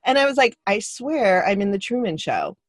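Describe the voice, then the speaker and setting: A woman's voice: mid-range voice, sing-song, normal speed. A middle-aged woman, a podcast host who chats casually and laughs readily. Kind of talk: casual chat.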